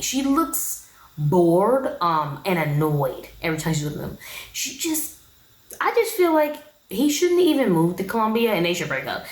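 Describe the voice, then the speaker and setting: A woman's voice: medium pitch, roomy sound, rough recording. A young woman giving a casual, opinionated recap of a reality show in a slangy, chatty way.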